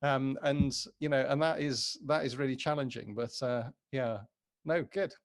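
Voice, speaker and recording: A man's voice: mid-range voice, normal speed, vocal fry. Affable man musing through a Bible study. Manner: thoughtful, agreeable, many restarts and affirming yeahs. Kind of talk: conversational Bible study discussion.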